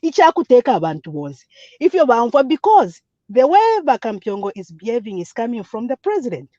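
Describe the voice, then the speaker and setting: A woman's voice: on the high side, very animated, fairly quick, mellow, dry recording. A woman calling in with emphatic, repetitive political comments, switching between languages. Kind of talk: impassioned political call-in comment. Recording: dull, dry lo-fi line.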